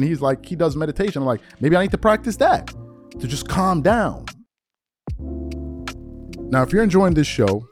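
A man's voice: a little high, darkish tone. A man hosting a podcast, talking earnestly in a reflective solo commentary and repeating words as he searches for them. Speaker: podcast host.

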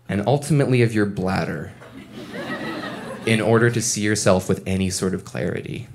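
A young adult man recounting a personal story with candor and self-deprecating humor. His voice sits a bit low. He talks conversationally, as if to friends. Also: normal speed.

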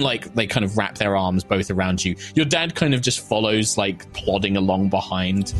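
As game master of a tabletop game, a man narrates in a rambling way, packed with fillers. His voice is fairly low and a bit bright, at a normal speed. Soft music plays behind him.

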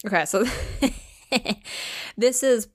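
A woman's voice: a little high, drawn-out words, no echo, clean studio sound. A woman in her late twenties co-hosting a podcast, telling a story in a casual chatty way, swearing and laughing often. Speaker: podcast co-host.

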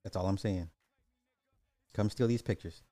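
A man hosting a casual livestream, reading chat questions in an animated, slangy way with lots of repetition and swearing. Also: low-pitched, moderate pace, no room sound, soft background music.

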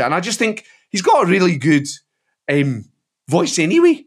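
A male satirist talking on a podcast, bouncing all over his register with lively, animated swings. He tells stories quickly and slips between voices as he goes, in a fairly high speaking voice for a man. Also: slightly rough. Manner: animated, storytelling, slips into impressions. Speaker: guest, satirist and impressionist. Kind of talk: casual podcast chat.

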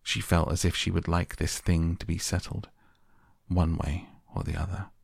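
A man narrating a bedtime story in a slow, hushed and gentle way. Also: deep voice, flat delivery, vocal fry, breathy edge, no echo, clean studio sound. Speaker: audiobook narrator. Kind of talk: soft bedtime story reading.

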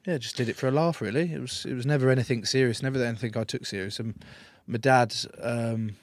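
In a clean studio recording with no room sound, a young man talks fast in a mid-range voice. He's a professional rugby player guesting on a casual interview, swearing through jokey stories and performing the quotes.

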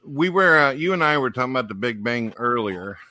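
A man hosting a casual livestream chat, speaking in a relaxed, conversational way. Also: mid-range voice, brisk, no room sound. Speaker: host.

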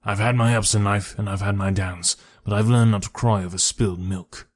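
A man reading the part of a bitter, defiant middle-aged ex-convict, speaking with passion, in a low voice. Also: fairly even intonation, fairly quick, lightly acted.

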